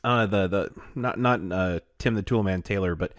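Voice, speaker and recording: A man's voice: sits low, moderate pace, no room sound, clean studio sound. A man co-hosting a podcast in casual chat, rambling with many restarts and laughing often. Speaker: podcast co-host.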